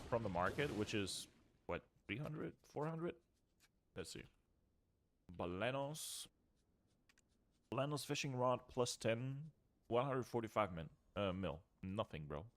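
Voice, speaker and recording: A man's voice: medium pitch, slight background noise. A young man streaming a video game, explaining gear in a loose, chatty way that trails off and restarts. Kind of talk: casual gameplay walkthrough.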